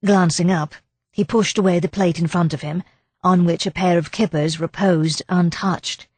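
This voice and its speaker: Woman reading a mystery audiobook, lowish husky voice, dry close mic. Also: dry recording. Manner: measured, expressive reading of a period mystery. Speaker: audiobook narrator. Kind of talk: scripted narration.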